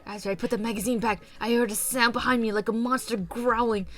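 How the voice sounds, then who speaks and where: A woman's voice: on the high side, steady tone, fast, a bit bright, faint music behind, close to an everyday voice. A woman voicing a timid, gloomy young woman in a video game, reading her lines in a subdued, hesitant mumble. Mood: nervous.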